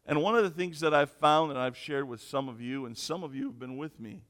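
A man preaching a sermon, slow and emphatic, moving between loud declarations and near-whispers. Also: fairly high pitch. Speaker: pastor. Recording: echoey hall.

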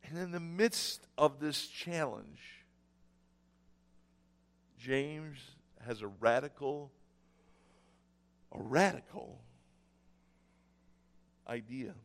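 A man preaching a sermon, telling stories with sarcastic mock cheer and dramatic pauses. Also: mid-range voice, lively intonation, in a large hall. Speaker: pastor. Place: church sanctuary.

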